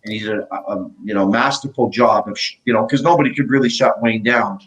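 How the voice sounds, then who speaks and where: A man's voice: lowish voice, brisk, low-quality recording. Middle-aged man telling hockey stories. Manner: animated anecdotes, acts out quotes. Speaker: guest, former pro hockey player. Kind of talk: casual storytelling interview.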